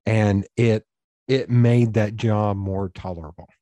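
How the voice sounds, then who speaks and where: Man, warm mellow voice, dry close sound, rambling anecdotes with acted-out dialogue. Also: lowish voice, steady tone, takes it slowly, dry recording. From East Tennessee, USA. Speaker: podcast guest. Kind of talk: casual storytelling conversation.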